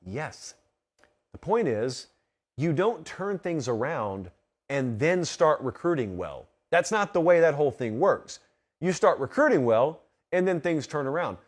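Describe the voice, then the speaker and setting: A man's voice: medium pitch, a little mellow. A man hosting a solo sports talk show in a studio, emphatic and full of rhetorical questions. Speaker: host.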